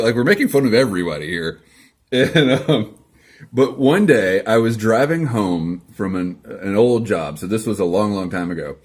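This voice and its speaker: Low-voiced sarcastic man chatting to camera. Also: lively intonation, moderate pace, darkish tone, husky. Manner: dry, sarcastic, rambling with self-deprecating asides. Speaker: vlogger answering viewer comments. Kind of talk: casual chat to camera. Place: home garage.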